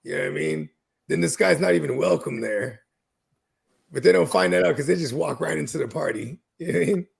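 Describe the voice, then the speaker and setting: Man, gravelly husky voice, high for a guy, animated, acts out movie lines, casual podcast chat. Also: brisk. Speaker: podcast co-host.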